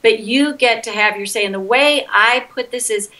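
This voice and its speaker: A woman's voice: a little high, normal speed, sharp tone, rough recording. A middle-aged woman as an interview guest, talking earnestly and candidly and acting out her own outbursts. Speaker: interview guest, EFT practitioner.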